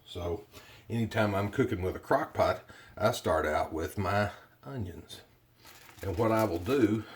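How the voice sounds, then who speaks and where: A man's voice: low voice, slight background noise. A man hosting a casual home cooking video, talking in a chatty, plainspoken way with frequent fillers.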